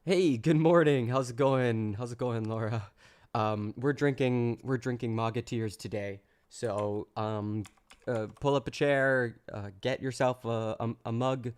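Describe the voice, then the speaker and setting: A man's voice: medium pitch, measured pace, darkish tone, smooth. A man hosting a livestream, gleefully mocking what he watches in casual reaction commentary. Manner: gleeful, mocking, breaks into laughter. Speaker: livestream host.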